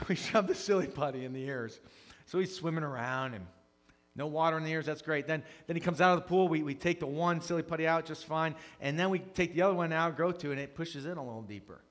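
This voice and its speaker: A man preaching a conversational sermon as a pastor, earnest, dropping to hushed confession and rising to loud emphasis. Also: fairly high pitch, fast talker. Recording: long reverb of a large hall.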